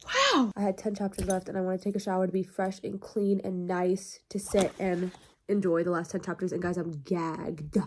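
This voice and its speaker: A young woman reviewing a novel in a vlog, gushing and exclamatory, swinging between shrieks and hushed murmurs. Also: fairly low pitch, flat delivery, normal speed, slight background noise. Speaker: book vlogger. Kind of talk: excited reading vlog.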